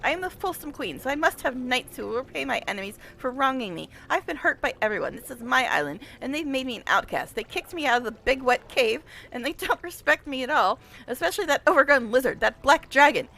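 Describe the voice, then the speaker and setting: A woman's voice: high voice, lively intonation, fast talker, vocal fry, hardly any pauses, bright, forceful tone, a little hiss or hum, full character voice. A woman voicing a whiny, petulant female demon queen in a game, reading her lines with self-pity.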